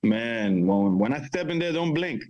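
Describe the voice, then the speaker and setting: A man's voice: medium pitch, animated, unhurried, muffled recording. A man, a fighter and father, speaking as a guest in a casual interview with brash, slangy confidence. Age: adult father of four.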